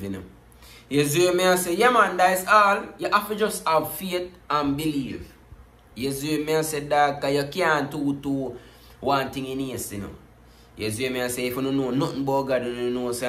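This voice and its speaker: A man hosts a reaction video and speaks casually to camera. He lectures a little as he talks and keeps circling back with the same stock phrases. His middle-pitched voice rings in a roomy, echoing space. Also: fairly bright tone, slight background noise. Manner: preachy, repeats "you see me, I say". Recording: roomy echo.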